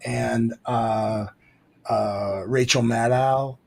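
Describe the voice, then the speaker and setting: A man's voice: mid-range voice, steady tone, drawn-out words, vocal fry. A man co-hosting a podcast in casual chat over a remote call, rambling with lots of fillers and restarts. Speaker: podcast co-host.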